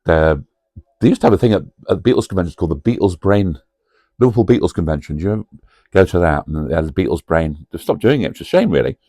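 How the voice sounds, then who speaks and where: A man's voice: sits low, expressive, fast, dark tone, dry recording, clean studio sound. A man hosting a cosy pub-style chat about a film, rambling and chatty with lots of fillers and asides to the viewer. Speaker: video host.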